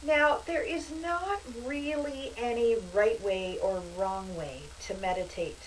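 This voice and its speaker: Woman, meditation guide, unhurried soothing delivery, somewhat high voice, set back from the mic with faint noise. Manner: slow, calm, soothing delivery with casual asides. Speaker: meditation instructor. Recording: voice from a distance, faint background noise.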